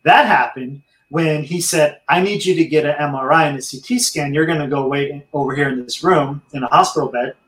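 A man's voice: on the high side, fairly quick, hardly any pauses, fairly bright tone. A man telling his own story candidly in a casual interview, speaking openly to the listeners. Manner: earnest, candid storyteller addressing listeners as friends. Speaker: interview guest. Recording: echoey room.

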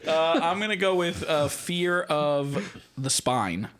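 A man makes dry, sarcastic jokes during a casual podcast chat. His voice sits a little high. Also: slow pace, fairly bright tone, clear, resonant tone. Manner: sarcastic wisecracks. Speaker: podcast co-host.

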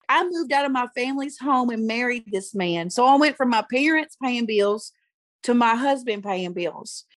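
A middle-aged woman tells her own story in an earnest, emotional way, often saying things twice for weight. Her voice sits a little high, and the recording is close and dry with no room sound. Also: no room sound. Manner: earnest, emotional, repeats phrases for emphasis. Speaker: guest, youth pastor. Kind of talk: personal testimony in conversation.

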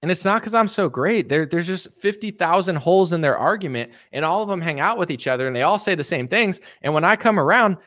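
A man's voice: high voice, expressive, quick pace, few pauses, a bit bright, no room sound, studio quality. A man hosting a livestream, ranting casually about politics in a boastful, combative, sarcastic way. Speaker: livestream host.

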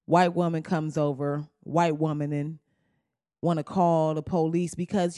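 A man hosting a casual comedic talk show, profane and animated, often slipping into quoted voices. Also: on the high side, a little slow, no room sound, clean studio sound.

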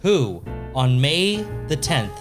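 A man's voice: medium pitch, very animated, slow, over music. A man hosting a podcast, telling stories in a casual, jokey way with some swearing, close to a studio microphone. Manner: wry, swearing, jokey storyteller. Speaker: podcast host. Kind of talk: casual storytelling chat.

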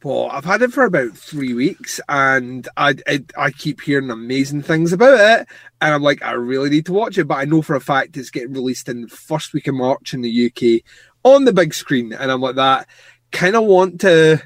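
A man's voice: on the high side, expressive, moderate pace, fairly bright tone, no echo, clean studio sound. A man co-hosting a podcast, chatting about movies in a blunt, sweary, teasing way. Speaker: podcast co-host. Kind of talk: casual chat about movies.

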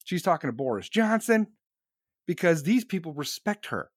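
A man streaming live, chatting casually and profanely to his audience, excitable and laughing between remarks. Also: on the high side, moderate pace, no room sound, clean studio sound.

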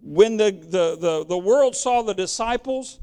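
A man's voice: high-pitched, animated, unhurried, mellow, clear, resonant tone. A man preaching a sermon in a plain-spoken, direct and emphatic way, often repeating words as he searches for the next one.

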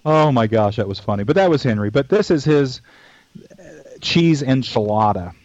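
A man's voice: medium pitch, animated, moderate pace, a little mellow, no room sound. Folksy man hosting a cooking show. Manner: folksy and rambling, tells jokes, says "y'all" and "man". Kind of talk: casual cooking-show chat. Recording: dull dry lo-fi recording.

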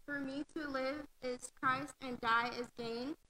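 A woman with a high, bright voice reads scripture slowly and steadily. She is heard from a distance in a large hall with long reverb. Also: fairly even intonation. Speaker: scripture reader. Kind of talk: reading scripture aloud.

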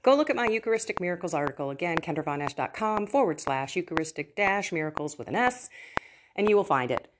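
Animated woman podcaster, lively pitch. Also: fast talker. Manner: earnest, animated storytelling with laughs and asides. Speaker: Catholic podcast host. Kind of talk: personal faith podcast talk. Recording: audible background noise.

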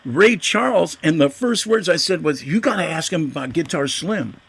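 Brisk and animated, an older guest musician recounts his story in a relaxed interview, doing the voices of the people in it. His gravelly, rough-edged voice sits slightly high for a man.

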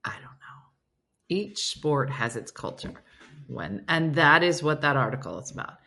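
A chatty woman host, reading viewer comments aloud and spinning her own stories around them. Her voice is bright and clear, and her pitch rises and falls all over the place. She sits a little low for a woman. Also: expressive, normal speed. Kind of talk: casual live-stream chat.

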